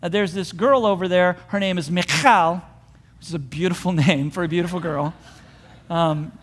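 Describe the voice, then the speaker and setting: A man with a high voice preaches a sermon, retelling a story with animated energy and jumping into the voices of the people in it. His words ring out with a long reverb, as if he is speaking in a large hall. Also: normal speed. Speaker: pastor.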